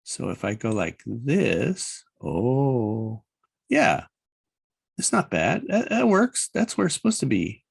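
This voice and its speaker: Man, animation teacher, slow talk, lively pitch, chatty and rambling. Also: gravelly, breathy edge, dry recording, poor audio. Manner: rambling, chatty, thinks aloud with laughs and sound effects. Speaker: animation instructor. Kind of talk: casual screen-recorded class demo.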